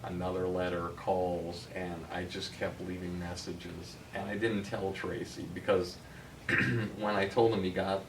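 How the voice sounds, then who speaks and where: Low-voiced middle-aged man telling stories, distant and roomy. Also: unhurried. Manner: animated storyteller, many um and uh fillers. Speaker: talent manager, interview guest. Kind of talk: casual anecdotal storytelling. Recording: roomy, distant mic, noisy.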